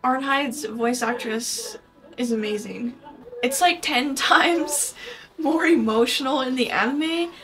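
A young woman hosting an anime reaction video, talking in an excitable, slangy, gushing way as she watches. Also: sits high, takes it slowly, over music. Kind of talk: casual reaction commentary.

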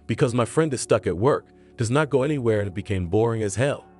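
A man voicing a gallant, aging womanizer who speaks in a smooth, casual way. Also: mid-range voice, lively intonation, quick pace, darkish tone, faint music behind.

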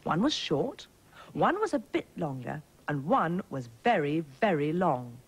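Female schools TV presenter, lower voice, lively storybook telling for small children. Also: a little slow, low-quality recording. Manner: gentle, clear, sing-song storytelling. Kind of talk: storybook narration to young children.

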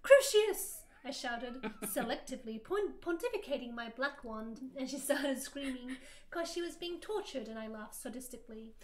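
A woman's voice: on the high side, animated, normal speed. A woman guest on a livestream reading fan fiction aloud in a mock-dramatic way, often laughing. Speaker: guest co-streamer.

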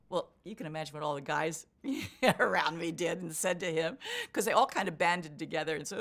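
A woman's voice: deep voice, normal speed, fairly bright tone. Older woman telling a vivid story. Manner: vivid storyteller acting out quotes. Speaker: interviewee, marathon runner. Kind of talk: storytelling interview.

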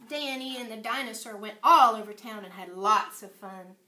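A woman teacher leading circle time for small children and reading a picture book aloud with expressive storytelling. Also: mid-range voice, moderate pace, few pauses, slight background noise. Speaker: preschool teacher. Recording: echoey classroom.

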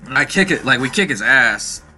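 Over loud game music and poor-quality audio, a man gives easygoing gameplay commentary, cursing and wandering through loose stories as he plays. His medium-pitched voice is animated and slightly quick.

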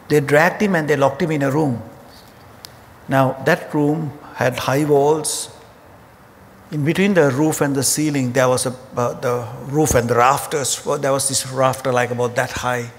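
A man preaching a sermon, telling humorous stories in an animated way. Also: medium pitch. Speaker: pastor. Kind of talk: sermon storytelling. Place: church auditorium. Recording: hall reverb with faint ambient noise.

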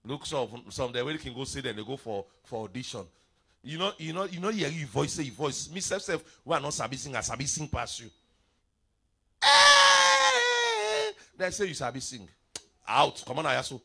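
A middle-aged man preaching a revival sermon, mixing pidgin into his English with sudden shouts and playful asides. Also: mid-range voice, brisk, breathy edge.

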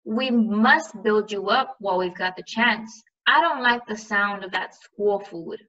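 Doting, fussy aunt read by a woman, bright voice, distant and muffled. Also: medium pitch, measured pace.

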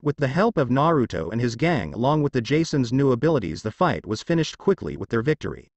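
A man narrating an action fan fiction story in an expressive storytelling manner. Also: medium pitch, fast talker, no room sound.

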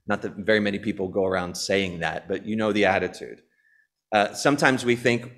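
A man's voice: lowish voice, a little fast, a bit bright. Earnest man preaching a sermon. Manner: earnest, repeats key phrases, frequent fillers. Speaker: pastor. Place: church.

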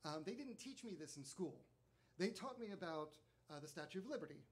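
Male speaker at a listening event, slightly high voice, casual and animated. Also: a little fast. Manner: chatty, animated, frequent fillers. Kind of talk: storytelling talk to a live audience.

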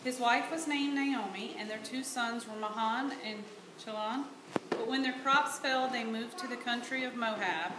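A woman's voice: on the high side, moderate pace. A woman with a Southern American accent narrating a Bible story aloud in church as a volunteer reader. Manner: plain steady storytelling read. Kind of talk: reading scripture narration. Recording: echoey church room with hiss.

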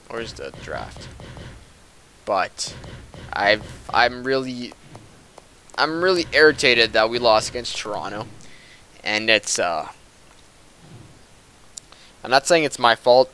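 A man's voice: on the low side, bright, forceful tone, a little hiss or hum. A young man giving casual commentary over a hockey video game, frustrated and ranting with swearing. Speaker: gaming commentator.

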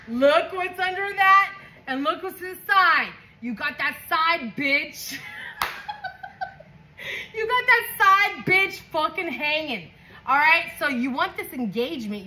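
A woman from California doing a loose, foul-mouthed tarot reading. Her high voice swings up and down with excitement and has a bright edge. A faint hiss sits behind her. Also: poor audio. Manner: profane, excitable, laughing often. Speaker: tarot reader.

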